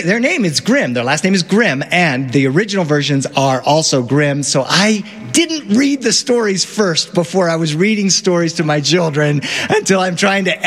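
Animated man telling a fairy tale. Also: fairly high pitch, long reverb tail. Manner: animated, playful, asides to the audience. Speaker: storyteller. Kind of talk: live storytelling to an audience.

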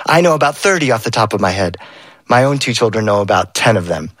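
Middle-aged guy doing oral storytelling, pitch bounces all over, super expressive, dry close sound. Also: fast talker, no room sound. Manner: lively, expressive, playful.

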